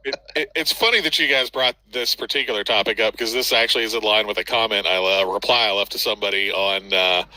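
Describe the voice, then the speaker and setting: Very bright, hesitant man in casual chat. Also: lowish voice, low-quality recording. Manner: hesitant, halting, with many fillers and restarts.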